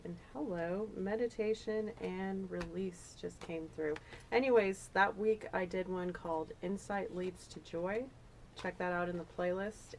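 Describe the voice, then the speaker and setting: A woman's voice: lowish voice, creaky, slight background noise, poor audio. A woman giving a casual, chatty tarot reading, rambling and emotional as she talks through the cards. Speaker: tarot reader.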